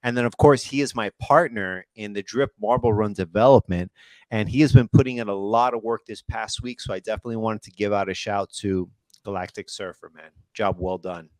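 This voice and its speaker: A man with a low voice talks on a casual online panel. He is enthusiastic and hypes things up. His sound is dry, with no room echo. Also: fairly even intonation, a little fast, darkish tone. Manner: enthusiastic, hyping. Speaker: co-host, game developer.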